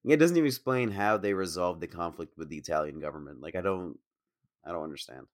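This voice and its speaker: A man's voice: deep voice, animated, fast, no echo, studio quality. A man co-hosting a podcast, chatting casually about movies in a blunt, critical way and swearing freely. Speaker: podcast co-host. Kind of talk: casual film discussion.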